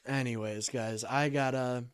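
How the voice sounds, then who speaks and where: Brief: tired man hosting a call-in stream, smooth voice, dry close sound, rambling and apologetic. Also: medium pitch, fairly even intonation, a little slow, dry recording. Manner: rambling, apologetic, reads chat aloud. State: sleepy, yawning. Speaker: livestream call-in host. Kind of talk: casual livestream chat.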